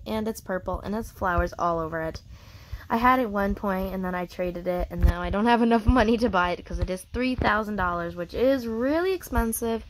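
A young woman giving casual, excited commentary while playing a game, chatting and reading the game's dialogue aloud. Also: medium pitch, a little hiss or hum. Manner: excited and chatty, laughs often. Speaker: gamer.

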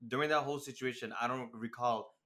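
A man guesting on a podcast, making his points in a measured, reasonable way. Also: mid-range voice, steady tone, bright, forceful tone. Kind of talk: casual podcast chat.

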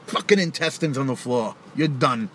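A man's voice: mid-range voice, moderate pace, fairly bright tone, a little hiss or hum. A man who raps, hosting a casual live stream and ranting back at viewers' comments, profane and taunting, laughing often. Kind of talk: casual live-stream rant answering chat.

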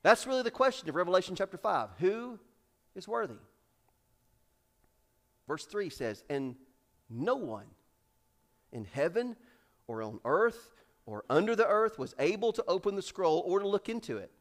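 A man preaching a sermon in church, swinging between loud, acted-out build-ups and hushed, slow drops, and repeating phrases for emphasis. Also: high-pitched, big pitch swings. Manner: acts out characters in raised voices. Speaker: pastor. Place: church sanctuary.

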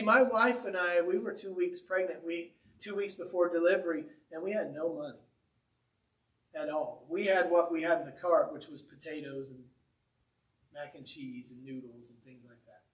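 A pastor delivers his sermon as a lively, conversational story with humor. His voice sits high for a man. The sound is roomy, picked up from some distance in a church. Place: church sanctuary.

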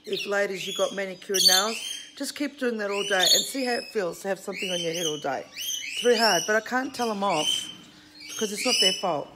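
A woman's voice: medium pitch, fairly quick. Woman filming herself on a phone, plain outspoken chat, squawking birds and noise behind. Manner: chatty, blunt, scolding, coos at her birds. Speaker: vlogger. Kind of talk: casual talk to camera. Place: home with a bird deck, indoors. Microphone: handheld phone camera. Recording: noisy home with squawking birds.

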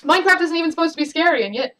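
High-voiced young woman reacting to a game. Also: expressive, racing, a bit bright, rough recording. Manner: jumpy, exclaiming, talks to game creatures. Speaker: gaming video creator. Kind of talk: casual let's-play commentary. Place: home room at a desk. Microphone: desk webcam mic.

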